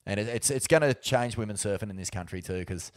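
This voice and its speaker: A man's voice: on the low side, fast talker. An Australian man co-hosting a podcast in casual chat, laid-back, with fillers, restarts and swearing. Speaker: podcast co-host.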